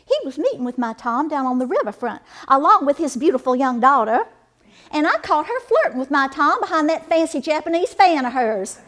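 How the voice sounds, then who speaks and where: A woman's voice: high-pitched, big pitch swings, brisk, fairly bright tone. A middle-aged woman, playing a chatty, laughing 1880s river-town wife and mother in a period monologue. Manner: gossipy, laughing, folksy.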